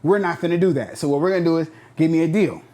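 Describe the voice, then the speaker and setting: A man in his thirties from Southern California, a podcast guest telling a long story in a blunt, slangy, animated way. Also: on the high side, quick pace. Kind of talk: storytelling interview.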